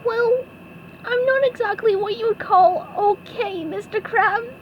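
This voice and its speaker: SpongeBob, a high squeaky sponge boy, put on by a woman. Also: a little slow, dull audio, slight background noise. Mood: upset. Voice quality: squeaky, tearful. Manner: high-pitched and earnest, sometimes crying.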